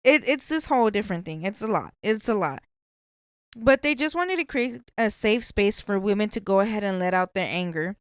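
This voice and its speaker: A woman's voice: medium pitch, expressive, a little fast, few pauses, clean tone, dry recording. A woman hosting a podcast, chatting casually in a blunt, profane way. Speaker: podcast host.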